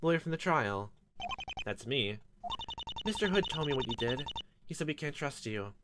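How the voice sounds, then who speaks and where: A man doing an eerie deadpan young woman. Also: mid-range voice, moderate pace, background noise, natural voice. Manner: flat, deadpan, cryptic.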